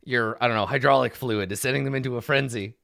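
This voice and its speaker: A man narrating as game master in a tabletop game, animated and laughing, with frequent fillers. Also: mid-range voice, quick pace, vocal fry, no echo, studio quality.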